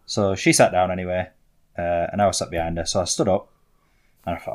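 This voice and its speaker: A man's voice: sits low, fairly even intonation, fairly quick, pauses often, darkish tone. A young man, telling rambling, self-mocking stories as a podcast co-host. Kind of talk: casual storytelling chat.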